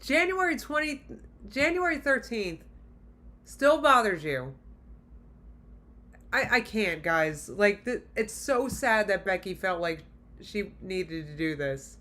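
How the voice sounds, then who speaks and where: A woman's voice: medium pitch, expressive, takes it slowly, pushed and bright. A woman hosting a reaction video, talking straight to her viewers in blunt, exasperated casual commentary.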